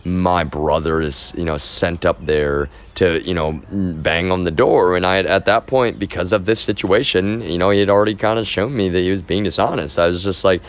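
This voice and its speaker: A man with a very low voice talks straight to his stream, unscripted and loose. He circles back and restarts his sentences often, pressing the same point over and over. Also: moderate pace, few pauses. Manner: rambling, with many restarts and repeated phrases; insistent, keeps stressing his point. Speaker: livestreamer. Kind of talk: casual unscripted monologue.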